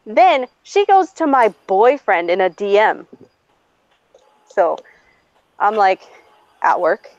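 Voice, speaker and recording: A woman co-hosting a podcast, telling a story in a casual, animated way with plenty of swearing and acted-out quotes. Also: mid-range voice, no room sound, dull audio. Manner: animated, profane, quick to act out quotes. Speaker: podcast co-host.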